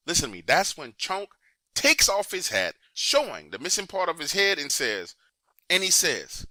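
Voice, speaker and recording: A man's voice: a little high, big pitch swings, moderate pace, sharp tone, dry recording. A man narrating a true story in an emphatic, conversational way, often urging the listener to pay attention.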